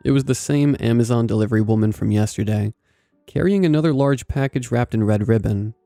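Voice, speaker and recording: A man narrating a scripted first-person story in a measured, even way. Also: mid-range voice, vocal fry, no echo, soft background music.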